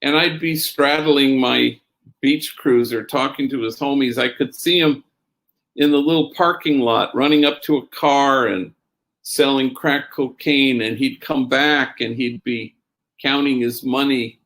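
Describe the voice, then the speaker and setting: Gravelly-voiced man telling a story. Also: mid-range voice, a little slow. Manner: tells stories with Spanish slang phrases mixed in; quotes others in a raised, lively voice. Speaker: priest and speaker. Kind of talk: storytelling talk.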